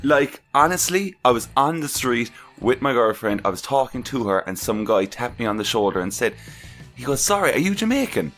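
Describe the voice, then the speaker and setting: A man's voice: mid-range voice, moderate pace, fairly bright tone, soft background music. A man co-hosting a podcast, telling stories in casual chat, incredulous and swearing freely. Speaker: podcast co-host.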